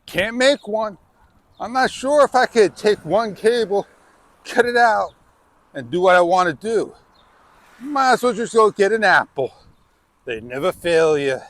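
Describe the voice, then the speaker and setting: A man's voice: high voice, expressive, measured pace, long pauses, a bit bright. A man vlogging outdoors on a wireless clip-on mic, rambling casually and exclamatory, often tossing in "man". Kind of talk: casual rambling vlog talk.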